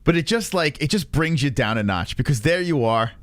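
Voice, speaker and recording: Man, reaction stream host, swears a lot, laughs often, lively pitch, dry close sound. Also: brisk, no room sound. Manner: profane, laughs often, animated.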